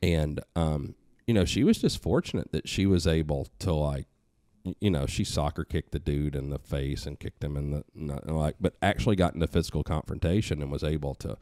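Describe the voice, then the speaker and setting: A middle-aged man with a very deep voice tells a story in casual podcast talk. He is animated and swears freely, acting out other people's voices. The sound is dry and close to the mic. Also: a little fast, no room sound. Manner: animated, profane, acts out quoted voices.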